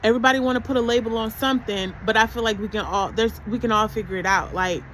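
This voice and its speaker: Casual vlogger, woman, high-pitched and chatty, a faint hiss behind her. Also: steady tone, fast, fairly bright tone, poor audio. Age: adult mother. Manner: chatty, conversational, asks rhetorical questions. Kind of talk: casual spiritual self-help talk.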